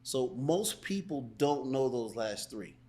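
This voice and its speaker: Animated man acting out sales calls. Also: mid-range voice, slow. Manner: animated, acts out sales calls in different voices. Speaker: sales coach guest. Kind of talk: casual interview chat.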